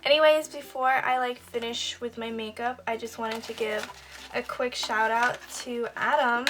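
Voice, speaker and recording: A young woman chats to her camera in a casual storytime, her voice sitting a touch higher than most. She rambles easily, filling her sentences with "like" while she does her makeup. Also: fairly even intonation, normal speed, noisy background. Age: young adult. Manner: chatty, lots of "like" fillers. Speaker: beauty vlogger.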